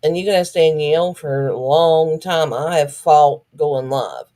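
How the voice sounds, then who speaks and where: A woman's voice: low voice, unhurried, warm tone. A woman co-hosting a livestream, frank and joking. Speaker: co-host. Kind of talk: casual livestream chat.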